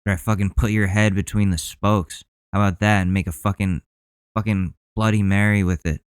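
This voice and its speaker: A man's voice: fairly low pitch, level tone, a little fast, clear, resonant tone, no echo. A male podcast host ranting heatedly in profane commentary.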